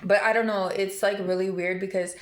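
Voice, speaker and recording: Woman vlogger, mid-pitch, emotional rambling storyteller, roomy echo. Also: level tone, fairly quick, noisy background. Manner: emotional, rambling storytelling with many fillers and restarts. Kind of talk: casual storytime vlog.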